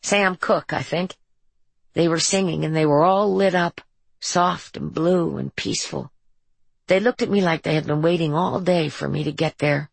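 An earnest, troubled teenage boy, as a woman reads him aloud in an audiobook, speaking in a halting, confessional way. The voice is low, gravelly and husky. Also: steady tone, no room sound, exaggerated voice. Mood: wistful.

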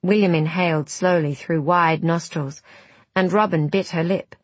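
A woman narrating an audiobook in a measured, even storytelling manner. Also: fairly low pitch, no room sound.

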